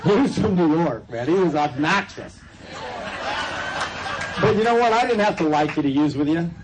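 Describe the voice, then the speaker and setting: A California man with a slightly high, animated voice speaks at a moderate pace at a recovery convention. His personal story comes out loose and jokey, sprinkled with asides to listeners, over background laughter and room noise.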